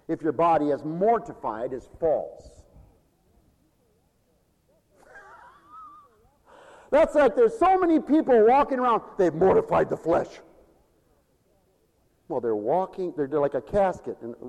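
Animated preacher man in a reverberant hall. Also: highs cut off. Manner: animated preaching, swinging from loud declaiming to low murmurs, chuckling. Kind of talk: sermon.

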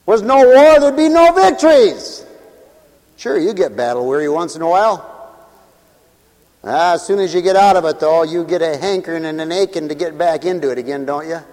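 A man's voice: on the high side, a little mellow. A man preaching a fervent sermon, calling out hallelujah and glory between points and laughing often. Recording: reverberant hall.

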